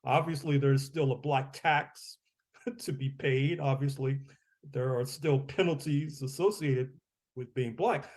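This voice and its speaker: A man's voice: medium pitch, unhurried, darkish tone. A man talking as a guest author in an interview, rambling and discursive, chuckling between phrases and restarting with repeated words.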